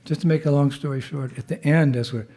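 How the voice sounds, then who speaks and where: A fast-talking man with a high-ish, dark-toned voice and fairly even intonation addresses a temple gathering informally as a visiting monk. He has a cold and keeps clearing his throat while telling a chatty story, laughing, and calling out jai responses.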